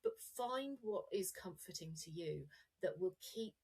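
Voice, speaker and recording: Husky-voiced woman coach, rambling. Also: lowish voice, expressive, measured pace, a little mellow. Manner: rambling, self-correcting, demonstrative. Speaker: coach and guest. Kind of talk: conversational podcast interview.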